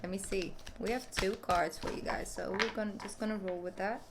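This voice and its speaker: A woman's voice: medium pitch, fairly even intonation, brisk, very noisy. A woman giving a casual, chatty tarot reading, talking informally and often saying "you know". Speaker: tarot reader.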